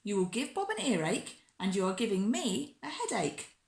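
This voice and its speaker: Woman reading as a calm, gently scolding mum. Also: mid-range voice, moderate pace, reverberant. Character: patient, weary young mother. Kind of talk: storybook reading.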